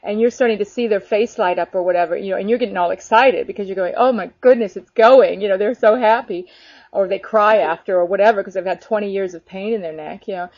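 Earnest, animated woman on a dull line. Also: mid-range voice, fast, no room sound. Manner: animated, earnest, many fillers. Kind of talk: casual faith conversation. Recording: dull lo-fi sound.

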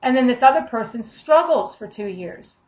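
Woman preacher, fairly high voice, informal and repetitive teaching style, muffled low-fidelity sound. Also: expressive, normal speed, a little mellow. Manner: conversational, repetitive, many fillers and restarts. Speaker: minister. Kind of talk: informal teaching on faith healing. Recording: dull lo-fi recording.

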